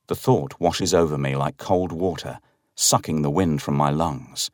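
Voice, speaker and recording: A man with a very deep voice reads a horror story aloud in the first person. His delivery is dramatic and swings widely in pitch. The recording is dry and close, with no room sound. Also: no room sound. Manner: dramatic, expressive reading.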